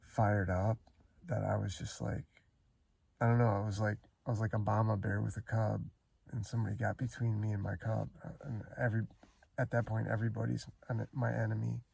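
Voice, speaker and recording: A man's voice: on the low side, little pitch movement, a little fast, vocal fry, darkish tone, husky, no room sound. A man vlogging from inside his van, rambling and hesitant as he regretfully retells a night's events in casual talk. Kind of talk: casual spoken recollection.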